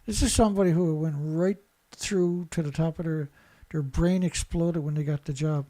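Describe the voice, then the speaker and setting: With a fairly high, mellow voice and fairly even intonation, this man keeps a moderate pace. He's a Canadian environmental commentator delivering a sarcastic, profane rant that mocks the news clips he reads.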